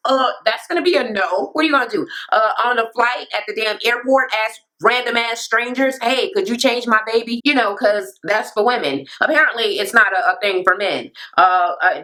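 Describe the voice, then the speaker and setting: A woman in her thirties hosting a reality TV recap, ranting casually with lots of profanity and sass. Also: on the high side. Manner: profane, sassy, animated ranting. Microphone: camera mic.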